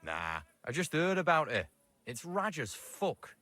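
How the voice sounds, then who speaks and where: A man's voice: a little high, sing-song, a little slow, bright, forceful tone, heavily acted. An actor playing a blunt, dialect-heavy male tavern drinker with a Geordie-style northern English accent. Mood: bawdy.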